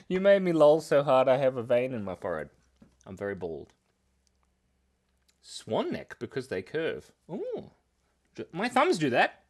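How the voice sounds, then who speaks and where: A man's voice: mid-range voice, huge pitch swings, a little slow, long pauses. A man in his thirties, a cartoonist hosting a casual live stream, rambling and giggling as he reads the chat at his computer. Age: 30s. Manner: rambling, giggly and playful, often laughing.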